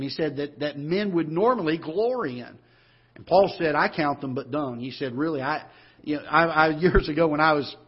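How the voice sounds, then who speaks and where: A man's voice: on the high side, slightly rough. A middle-aged male pastor, preaching a sermon in a folksy storytelling way, often restarting his phrases. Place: church auditorium. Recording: dull lo-fi church broadcast.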